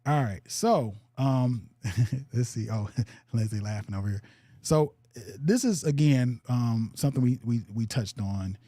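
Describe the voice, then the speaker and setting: A man's voice: mid-range voice, measured pace, mellow, no room sound. A man hosting a podcast in casual chat, loose and full of fillers, often checking in with "right?". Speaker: podcast host.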